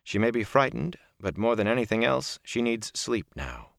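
A man reading an audiobook, voicing a calm, commanding woman healer who speaks in a level, measured way. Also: mid-range voice, vocal fry, dry recording, studio quality, pitched above the performer's own voice. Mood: composed.

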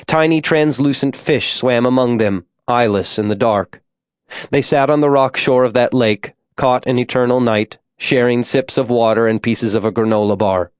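A man narrating a story in a measured, descriptive reading. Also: medium pitch, smooth, dry recording, studio quality. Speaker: audiobook narrator. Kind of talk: scripted narration.

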